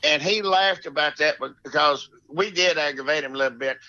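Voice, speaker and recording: Animated Southern man telling golf stories. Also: on the high side, a little fast, no room sound, lo-fi sound. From Alabama. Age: middle-aged. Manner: rambling, animated, drawling with frequent laughs and restarts. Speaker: guest, former mini-tour golfer. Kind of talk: casual storytelling.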